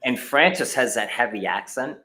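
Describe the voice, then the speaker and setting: A man's voice: mid-range voice, lively intonation, moderate pace, bright, forceful tone. A middle-aged man, a martial arts instructor, telling his story in a casual interview over a video call, with many fillers and restarts.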